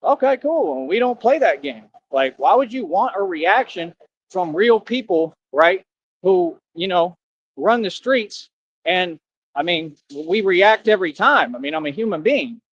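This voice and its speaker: A man's voice: high-pitched, lively intonation, a little slow, fairly bright tone, a little hiss or hum. A man ranting on a livestream, boastful and confrontational, full of street slang. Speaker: livestream streamer. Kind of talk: ranting live stream. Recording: dull lo-fi sound.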